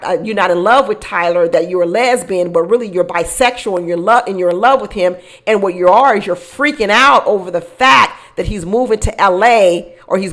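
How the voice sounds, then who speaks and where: A woman hosting casual reality-show commentary, animated, acting out quotes and laughing often. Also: mid-range voice. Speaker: commentary channel host.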